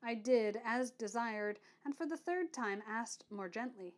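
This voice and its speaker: Woman reading a classic novel out loud, kinda high voice, measured and expressive. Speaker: audiobook narrator. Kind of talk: first-person narration of a classic novel.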